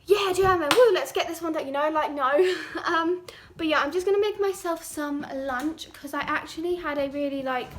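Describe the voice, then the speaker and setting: A woman's voice: high voice, a bit bright, a little hiss or hum. A teenage girl from England chatting casually to her vlog camera, rambling with lots of "like". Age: teens. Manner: chatty, rambling, heavy use of "like". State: out of breath. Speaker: vlogger.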